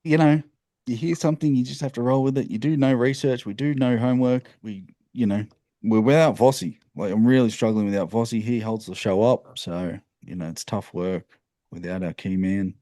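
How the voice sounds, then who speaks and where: A man's voice: medium pitch, normal speed, mellow, no echo, studio quality. A man hosting a casual sports podcast, laid-back and laughing often. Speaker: podcast host.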